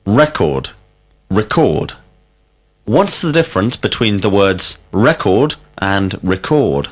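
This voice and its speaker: A male teacher leading a scripted language drill, asking questions slowly and deliberately and calling out single words as prompts. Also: on the low side, expressive. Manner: slow, deliberate questioning with clear word prompts.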